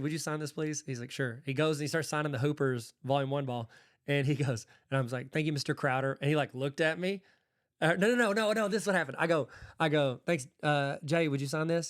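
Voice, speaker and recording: A man from Arkansas hosting a podcast, telling casual stories and acting out the exchanges he describes. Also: mid-range voice. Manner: animated, acts out quoted exchanges. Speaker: podcast host. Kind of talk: casual storytelling.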